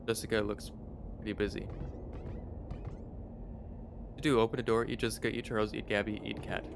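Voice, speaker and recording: A man's voice: fairly low pitch, little pitch movement, fast talker, gravelly, background noise. A man streaming a game, playfully reading out its narration and his typed commands. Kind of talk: reading a text adventure aloud.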